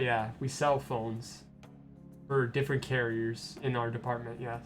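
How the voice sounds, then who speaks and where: A young male streamer with a mid-pitched voice tells a rambling story full of restarts and casual swearing. Faint game music plays under his voice. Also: little pitch movement, a little slow. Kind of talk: casual gameplay stream chat.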